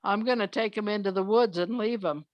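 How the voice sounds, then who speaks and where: A woman's voice: medium pitch, a little fast, no echo, muffled recording, close to an everyday voice. A woman voicing a wicked storybook stepmother, curt and commanding. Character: wicked stepmother, cold and scheming.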